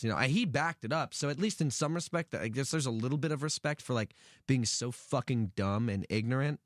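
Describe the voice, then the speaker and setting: A man telling a heated story in casual chat, animated and full of swearing. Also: mid-range voice, brisk, no room sound, clean studio sound. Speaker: podcast guest.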